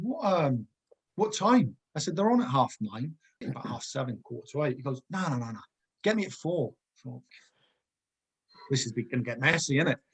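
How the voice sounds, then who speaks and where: Man, middle-aged, podcast guest, husky tone, rambling anecdotes. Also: medium pitch. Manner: rambling anecdotal storytelling, many restarts. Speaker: guest, former footballer. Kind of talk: casual podcast chat.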